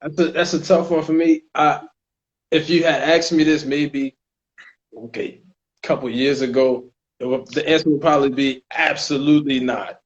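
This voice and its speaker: A man's voice: a little high, fairly even intonation. A man with a New York accent, an actor and co-host, chatting casually on a podcast with frequent restarts and easy laughter. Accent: New York (Staten Island). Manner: halting, restarts a lot, laughs easily. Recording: dull lo-fi recording.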